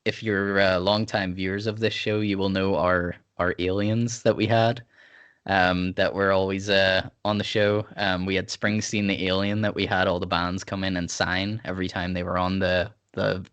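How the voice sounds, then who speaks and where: Brief: relaxed male podcast host, lowish voice, rambling casual chat with lots of fillers. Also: normal speed, smooth, lo-fi sound. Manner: rambling, laid-back, many fillers. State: sipping whiskey.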